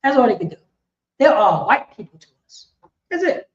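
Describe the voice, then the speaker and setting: A high-voiced woman teaches a class in a loose, animated street style, always checking in with her listeners. The sound is roomy and echoey, and the recording is dull and lo-fi. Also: normal speed. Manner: animated, slangy, frequent "you know what I mean". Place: indoor meeting hall. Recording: echoey, dull lo-fi room audio.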